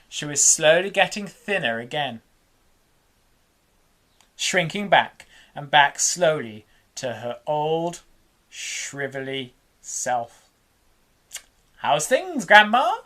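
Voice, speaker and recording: A woman reading a children's book aloud in an animated, dramatic way. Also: deep voice. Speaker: storyteller.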